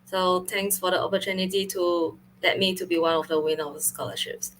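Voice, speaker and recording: A woman's voice: lowish voice, steady tone, brisk, a bit bright, a little hiss or hum, poor audio. A young woman student speaking carefully and a bit formally as a guest on a video call. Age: young adult.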